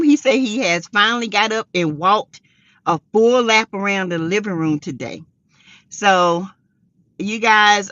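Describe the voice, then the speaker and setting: A middle-aged woman hosting a casual livestream chat, greeting viewers by name and breaking into high excited exclamations. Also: no room sound, muffled recording. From South Carolina. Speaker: livestream host.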